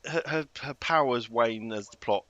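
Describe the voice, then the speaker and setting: A man's voice: medium pitch, moderate pace, a bit bright, no echo, muffled recording. A man guest on a film podcast, chatting casually with dry, wry asides and frequent restarts.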